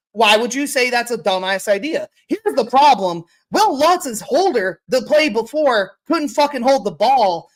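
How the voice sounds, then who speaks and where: Woman ranting, swearing, slightly high voice. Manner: profane, exasperated ranting. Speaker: podcast co-host. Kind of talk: casual sports podcast chat.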